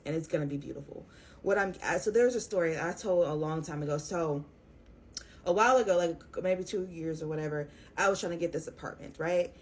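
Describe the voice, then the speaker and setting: A young woman telling a personal story to her viewers in a casual, profane, animated way. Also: lowish voice, fairly quick. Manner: profane, animated, talks straight to her audience. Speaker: tarot reader.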